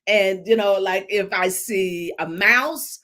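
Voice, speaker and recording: A middle-aged woman pastor chatting as a guest, an animated storyteller who laughs often. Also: medium pitch, takes it slowly. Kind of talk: casual chat.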